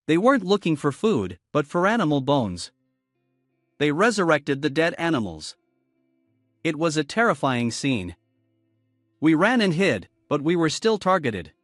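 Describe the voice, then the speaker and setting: A man narrating a manhwa recap in a brisk, even storytelling manner. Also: fairly high pitch, no room sound, clean studio sound. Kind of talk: scripted narration.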